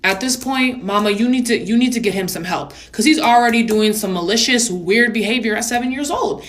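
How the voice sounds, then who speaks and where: A woman's voice: fairly high pitch, a little fast. Sassy young woman telling a storytime. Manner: animated, sassy, blunt commentary. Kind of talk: storytime vlog.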